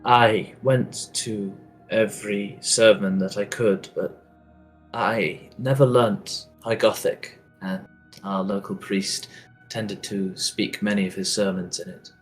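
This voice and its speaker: A man's voice: fairly low pitch, steady tone, takes it slowly, faint music behind. A man voicing a humble, polite young male acolyte who speaks carefully and apologetically. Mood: humble concern.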